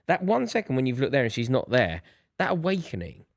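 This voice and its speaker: Gravelly man with a lively voice. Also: medium pitch, a little fast, no echo, studio quality. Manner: frequent agreeing backchannels. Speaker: podcast co-host. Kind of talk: casual conversational chat.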